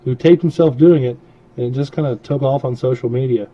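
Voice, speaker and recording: A man's voice: medium pitch, a little fast, dark tone, highs cut off. A man co-hosting a podcast, reading out news stories in casual, profane banter with friends in a studio. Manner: profane, rambling. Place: small studio.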